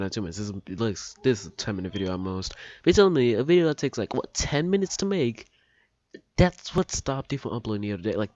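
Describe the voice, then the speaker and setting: A man's voice: medium pitch, no echo. A young man giving blunt, mocking reaction commentary and swearing freely. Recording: dull lo-fi mic.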